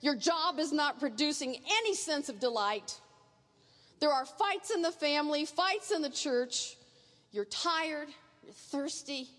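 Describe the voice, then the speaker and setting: A woman preaches a sermon earnestly, painting vivid pictures in the second person and speaking straight to her listeners. Her fairly high voice is a bit bright, with echoey hall reverb around it.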